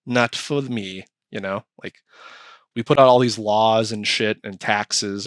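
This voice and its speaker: A man's voice: lowish voice, moderate pace, dry recording. A man hosting a podcast, ranting casually with lots of swearing and mocking asides. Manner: animated, profane, mocking. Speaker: podcast host.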